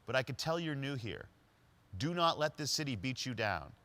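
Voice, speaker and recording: Guy putting on a homeless dude, street-wise, punchy and teasing, pitched up a bit. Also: sing-song, moderate pace, bright, forceful tone. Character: friendly, street-wise homeless man, gruffly encouraging.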